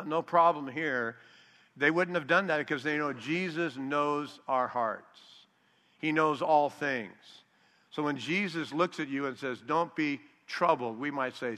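Male pastor, sermon delivery, drawn-out scripture readings, reverberant hall sound. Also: medium pitch, bright, forceful tone. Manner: slows down for scripture quotes, acts out disciples' voices. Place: large hall with long reverb.

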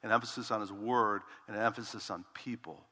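A man's voice: on the low side, fairly even intonation, fairly quick, bright, forceful tone. A man preaching as a pastor, reading scripture and explaining it in a casual, conversational style that checks in with the congregation. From Dutch heritage. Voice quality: bald preacher self-described. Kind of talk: expository sermon. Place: large church sanctuary with long reverb. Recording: reverberant church hall.

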